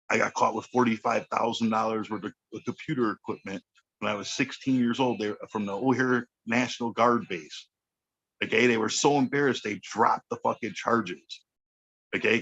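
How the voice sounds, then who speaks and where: A man's voice: mid-range voice, vocal fry, fairly bright tone, breathy edge, dull audio. A man, telling a street story on a podcast in a blunt, profane way, often checking in with "okay.". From Chicago. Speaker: podcast guest. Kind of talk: casual storytelling chat.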